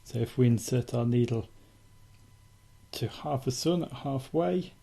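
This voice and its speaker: A man calmly teaching acupuncture technique in a steady, methodical instructional demonstration. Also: medium pitch, unhurried, creaky, husky. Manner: calm, steady, methodical explaining.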